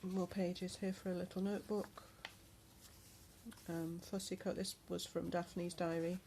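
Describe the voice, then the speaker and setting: A woman's voice: fairly low pitch, flat delivery, warm tone, slight background noise. A woman chatting through a handmade travel journal in a casual show-and-tell vlog, with lots of ums. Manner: chatty, unhurried, many ums. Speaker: crafter showing a handmade journal.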